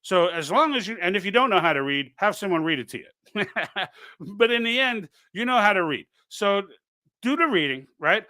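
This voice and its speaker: A political livestream host speaks in a high, sharp voice with lively intonation at a moderate pace. His unscripted live commentary is conversational and urging, full of restarts and asides.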